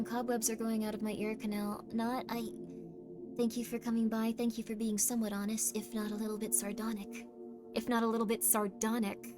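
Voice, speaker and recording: Teasing woman streamer over background music. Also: fairly high pitch. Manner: teasing and playful, bursting into loud insistent demands. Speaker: livestream host. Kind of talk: casual livestream chat reading viewer messages. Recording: stream with music playing underneath. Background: clear background music.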